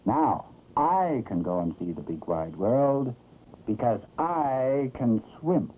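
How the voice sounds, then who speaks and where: A man's voice: mid-range voice, expressive, takes it slowly. A man voicing a proud, cross male duck in a 1960s cartoon, talking in a bossy, huffy way. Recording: muffled, hissy 1960s film soundtrack.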